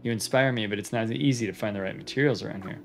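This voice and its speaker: Casting note: a man putting on a gentle old robot grandma in a game, quiet, low, gravelly. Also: fast talker, music in the background. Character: grandmotherly robot who knits, mild and patient.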